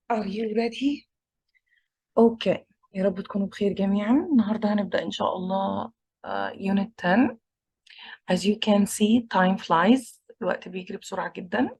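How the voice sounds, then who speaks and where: A woman with an Egyptian accent teaching an English class, slowly repeating words to drill pronunciation. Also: medium pitch, darkish tone, husky. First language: Egyptian Arabic. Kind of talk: online English lesson.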